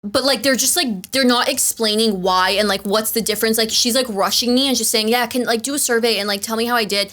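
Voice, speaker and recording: A woman's voice: on the high side, fast, few pauses, a bit bright. A young woman co-hosting a podcast, chatting casually and rambling with lots of "like". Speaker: podcast co-host. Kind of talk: casual chat.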